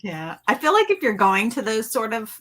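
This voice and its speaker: A woman's voice: on the high side, very animated, moderate pace, fairly bright tone. A woman in a casual livestream chat, reacting to a story and chiming in with her own comments.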